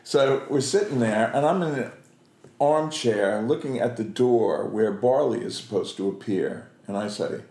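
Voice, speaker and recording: A man's voice: mid-range voice, unhurried, reverberant. A man telling an anecdote as an interview guest, acting out the lines of the people in his story and laughing often. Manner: animated, acts out quoted voices, laughs often.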